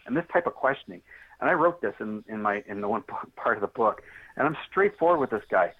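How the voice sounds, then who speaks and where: A man guest on a podcast interview telling a story in a straightforward, animated way and acting out the dialogue. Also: mid-range voice, fast. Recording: tinny phone line.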